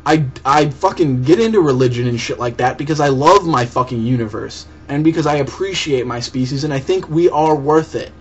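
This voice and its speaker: A young man with a fairly high voice delivers a profane, heated, sarcastic rant in reply to a commenter, with faint hiss behind him. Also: fairly quick, muffled recording. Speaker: vlogger answering a commenter. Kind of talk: angry video rant.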